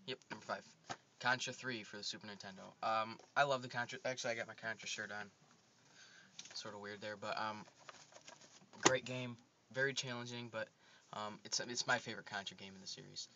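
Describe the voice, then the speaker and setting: A man with a low, very bright voice runs through his favorite games in a casual countdown, rambling and restarting his sentences. The home recording is dull and low-fi, with a faint hiss underneath. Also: fairly even intonation, a little fast. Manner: rambling, with frequent ums and restarts. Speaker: gaming video host. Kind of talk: casual video game countdown.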